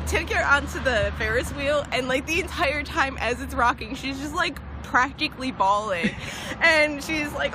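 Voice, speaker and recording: A woman's voice: high-pitched, a little fast, a crowd in the background, background noise. A young woman telling a funny story, giggling and acting out her friend's voice. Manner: giggly, animated, acts out her friend's panic. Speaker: interviewee. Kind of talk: casual storytelling.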